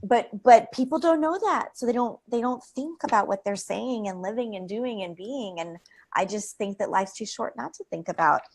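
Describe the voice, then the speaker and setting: A woman speaking as a creativity expert in a live interview, energetic and rambling, with frequent fillers and laughs. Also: mid-range voice, moderate pace, husky.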